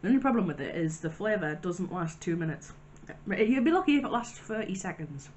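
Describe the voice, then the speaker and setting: A woman in a casual vlog, reviewing sweets and crisps in a chatty, wry way with little asides. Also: lowish voice, sing-song, brisk, a little mellow, dull audio, a little hiss or hum. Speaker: vlogger.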